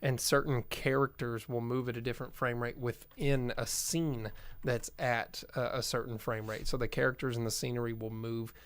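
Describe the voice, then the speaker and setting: A man's voice: mid-range voice, flat delivery, moderate pace, a bit bright, clear, resonant tone. A man co-hosting a movie podcast, reading box office figures in a matter-of-fact, casual way. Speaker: podcast co-host.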